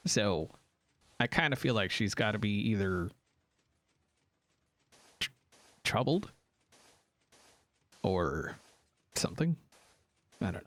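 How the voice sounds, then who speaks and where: A man's voice: lowish voice, takes it slowly, long pauses. A man chatting casually on a live stream, joking around and reacting to viewers' comments. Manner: animated, joking, reacting to chat.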